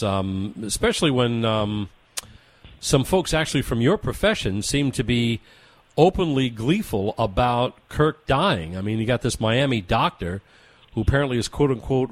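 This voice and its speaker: A man's voice: medium pitch, no echo. A man hosting a talk radio show, delivering opinionated commentary with emphatic, rhetorical repetition.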